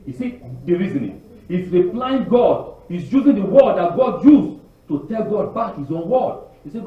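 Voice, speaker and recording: A man preaching a sermon on the weekly Torah portion, animated, asking the congregation rhetorical questions and often repeating and restarting words. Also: sits high, moderate pace. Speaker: congregation teacher. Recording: very echoey, distant, dull lo-fi.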